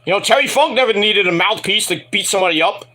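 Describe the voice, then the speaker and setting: A man's voice: high voice, lively intonation, fast, bright, forceful tone. A man reviewing a wrestling show in a casual, profane, rambling and jokey solo commentary.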